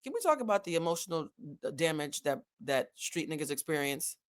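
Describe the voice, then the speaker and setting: A woman's voice: deep voice, very animated, a little fast. A woman hosting a commentary channel, telling a story in casual, profane speech and reading quotes aloud with emphatic bursts.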